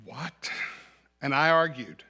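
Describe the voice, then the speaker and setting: Bright-voiced man preaching a conversational sermon. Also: mid-range voice, slow. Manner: conversational storytelling, rhetorical questions, occasional laughs. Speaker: minister. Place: church sanctuary.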